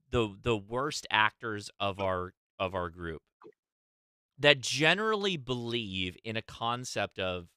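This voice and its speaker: Animated, bright-voiced male show host. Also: mid-range voice, clean tone, no echo, studio quality. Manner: animated, emphatic, swears. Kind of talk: casual panel discussion.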